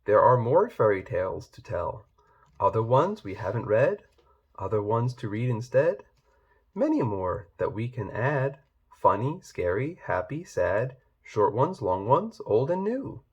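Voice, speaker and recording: A man's voice: medium pitch, big pitch swings, breathy edge, lo-fi sound. A man reading a rhyming children's picture book aloud. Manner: slow, rhyming storybook reading. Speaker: reader.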